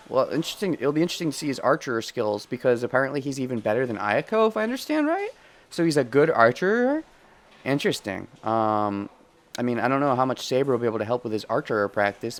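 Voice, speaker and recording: Man rambling through game commentary. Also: medium pitch. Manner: rambling, self-correcting. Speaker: streamer. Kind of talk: casual let's play commentary.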